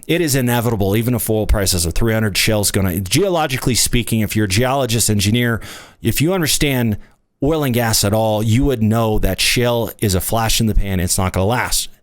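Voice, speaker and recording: A man's voice: on the low side, a little fast, dry recording. Emphatic man, dry close sound. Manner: emphatic, repetitive, frequent restarts and rhetorical questions. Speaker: oil investment company presenter. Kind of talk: unscripted market commentary.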